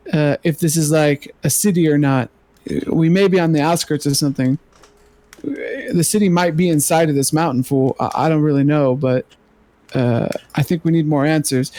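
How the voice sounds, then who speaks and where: A man's voice: a little high, warm tone, lightly acted. A man voicing a brash, streetwise male adventurer who threatens and swaggers, calling people fool.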